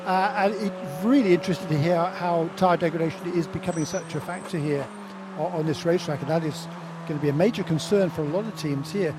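A man's voice: fairly high pitch, quick pace. A man commentating on a race, giving reflective, chatty analysis of drivers and teams. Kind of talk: broadcast commentary. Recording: race car noise behind.

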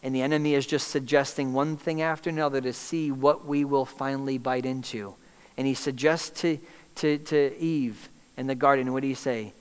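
A man's voice: mid-range voice, steady tone, normal speed, clean tone. A man preaching a sermon as pastor, asking the congregation to call out missing words. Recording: long reverb in a large hall.

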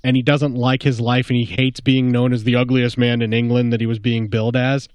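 A man's voice: medium pitch, flat delivery, a little fast, dry recording. A man co-hosting a casual film chat, blunt and ranting, swearing freely. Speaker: podcast co-host. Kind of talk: casual chat about films.

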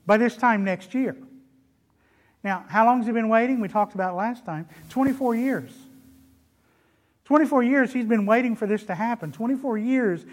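A man with a Southern US accent preaching a sermon in church, animated, swinging between loud emphatic lines and quiet ones. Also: extremely high pitch, normal speed. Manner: animated, rises and drops in loudness, quotes scripture in character. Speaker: pastor.

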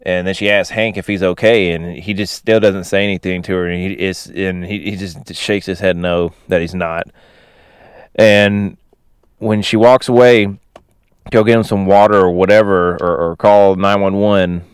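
A man's voice: on the low side, clean tone, dry recording, clean studio sound. A man casually recapping a movie plot, rambling with lots of "you know" and "like" fillers. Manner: laughs while retelling.

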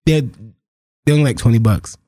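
A man's voice: mid-range voice, normal speed, mellow, dry recording, studio quality. A man co-hosting a casual podcast, laid-back and slangy, breaking into laughter often. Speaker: podcast co-host.

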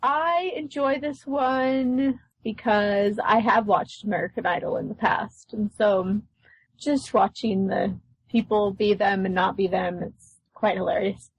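A woman's voice: medium pitch, a little slow, slightly rough, dry recording, muffled recording. A woman co-hosting a casual podcast chat, laughing easily and shy about putting on voices. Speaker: podcast co-host.

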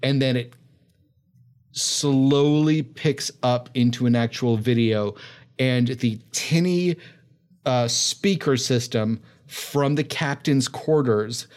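A man runs a tabletop game, painting each scene in vivid, drawn-out detail. He speaks slowly and unhurriedly. His pitch sits right in the middle for a man. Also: a little mellow. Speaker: game master.

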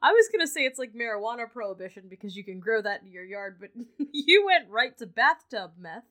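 A woman's voice: fairly high pitch, big pitch swings, brisk, fairly bright tone. A young woman hosting a podcast, chatting casually and retelling a history story, laughing often. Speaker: podcast host.

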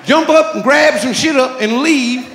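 A Detroit man with a very high, slightly bright voice delivers a profane stand-up set a bit slowly, chuckling through his own punchlines. It was recorded live on a comedy club stage, echoey, with crowd noise, audience laughter, and club ambience.

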